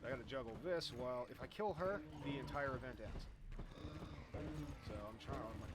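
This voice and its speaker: A man giving casual, chatty commentary over his own game, explaining as he plays and getting excited when the fight turns close. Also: medium pitch, moderate pace, pauses often, heavy background noise. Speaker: gaming YouTuber.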